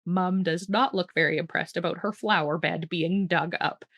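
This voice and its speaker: A woman's voice: lowish voice, steady tone, normal speed, fairly bright tone, no room sound. A woman who grew up speaking reads a children's picture book aloud, with playful asides and frequent laughter. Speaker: children's storytime host.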